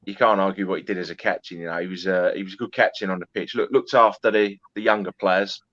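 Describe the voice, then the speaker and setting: A man on a fan show panel giving calm, measured opinions in casual chat. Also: low voice, no room sound, highs cut off.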